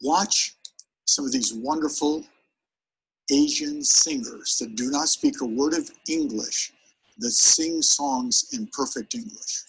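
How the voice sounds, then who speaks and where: A man leading a live training seminar, his voice gravelly and rough at the edges. He talks with plenty of energy and turns often to the crowd. His delivery is lively and direct, like a coach running a workshop. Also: fairly high pitch, takes it slowly, low-quality recording. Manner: energetic, demonstrative, speaks straight to the audience. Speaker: sales presentation trainer.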